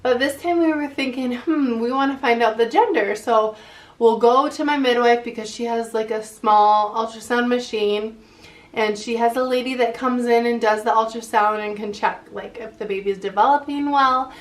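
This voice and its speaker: A woman with a slightly high voice talks to camera in a casual, chatty vlog style, filling her sentences with "like." She sounds a little short of breath as she keeps talking. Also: normal speed. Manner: chatty, lots of "like" fillers. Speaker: vlogger.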